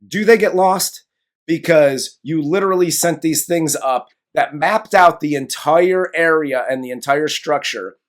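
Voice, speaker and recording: A man's voice: a little high, a little slow. A man co-hosting a casual movie review podcast, sarcastic and profane, acting out scenes with mocking voices. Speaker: podcast co-host.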